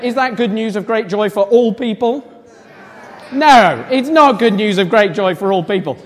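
A high-voiced man leads a family church service, lively and rousing as he gets the children cheering. His voice rings out with long reverb in a large hall. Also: normal speed, some chatter behind. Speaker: church leader. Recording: echoey hall.

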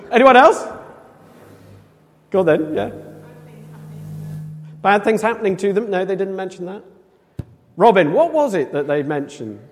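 A man preaching a sermon in a conversational, animated way, acting out quoted voices. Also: high-pitched, unhurried, long pauses. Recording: long echo of a large hall.

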